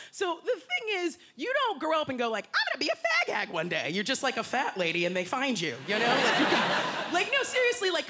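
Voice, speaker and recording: A woman doing a playful stand-up routine on stage with a handheld mic. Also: on the high side. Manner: animated, playful, dry asides. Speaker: stand-up comedian. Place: stage before a live audience. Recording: noisy live show with audience.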